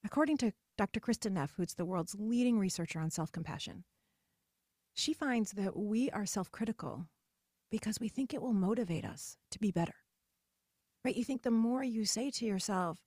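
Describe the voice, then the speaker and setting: Middle-aged woman doing a solo podcast, chatty and lively, mid-pitched voice, super dry close sound. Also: normal speed, no room sound. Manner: chatty and animated, acting out quoted voices. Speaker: podcast host. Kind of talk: casual solo podcast monologue.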